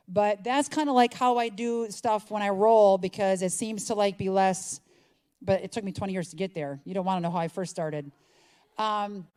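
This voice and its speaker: A middle-aged woman giving a chatty talk to an audience, animated and acting out little exchanges. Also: on the high side. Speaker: speaker. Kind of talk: conference talk.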